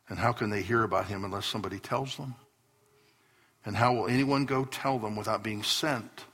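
A man's voice: fairly low pitch, fairly quick, a bit bright, breathy edge. A man preaching a sermon to his congregation as pastor, telling stories with earnest bursts of emphasis. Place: church hall before a congregation.

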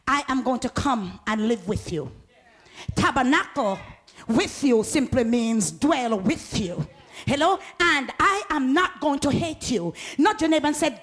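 A woman preaching a sermon with fervor, calling out to the congregation and rising to shouts. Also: a little high, lively intonation, measured pace. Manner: fervent, rising to shouts, laughs often; call-and-response with the congregation.

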